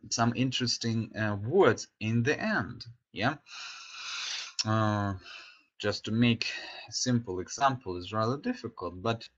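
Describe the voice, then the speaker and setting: A man's voice: lowish voice, sharp tone. A man teaching an English class online, chatty and full of fillers, often checking with "yeah?". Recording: slightly dull lo-fi audio.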